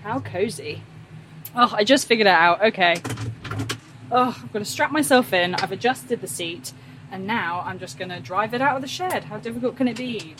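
A young woman chatting casually in a farm vlog, nervous and quick to laugh, talking from a tractor cab. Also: mid-range voice, background noise. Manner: chatty, nervous, laughs often, exclaims a lot. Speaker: farm vlogger. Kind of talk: casual vlog talk to camera.

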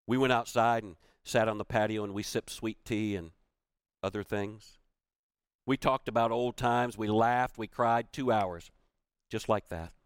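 A man's voice: lowish voice, fairly even intonation, a little slow, clean tone, no echo, clean studio sound. A man giving a motivational keynote. He tells a personal story with emphasis and repeats key phrases for weight. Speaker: motivational speaker.

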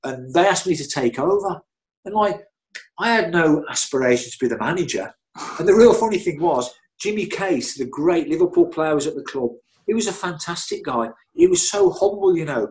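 A man's voice: on the high side, big pitch swings, moderate pace. A middle-aged man, a guest telling rambling, chatty anecdotes full of restarts and "you know"s. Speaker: interview guest. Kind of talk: anecdotal storytelling.

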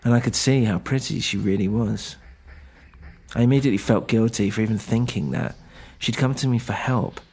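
Low-voiced man narrating a story. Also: moderate pace, vocal fry, a little mellow, husky. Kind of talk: first-person story narration.

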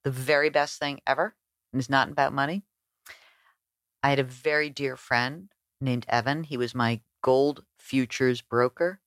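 A woman guest telling stories in a conversational interview, animated and acting out the voices she quotes. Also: very deep voice, normal speed, no echo, studio quality. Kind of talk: conversational storytelling.

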